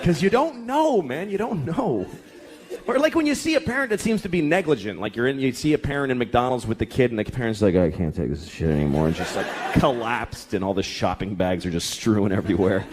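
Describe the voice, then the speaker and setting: A man's voice: medium pitch, lively intonation, brisk. A man doing a stand-up comedy set, telling stories in a profane, exasperated way. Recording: live club with audience laughter and noise. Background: crowd laughing.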